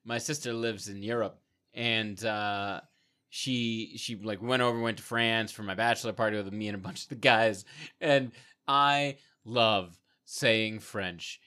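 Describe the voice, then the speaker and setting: A man co-hosting a podcast, talking quickly and excitedly and acting out the people in his stories. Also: on the low side, smooth. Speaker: podcast co-host. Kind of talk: casual chat.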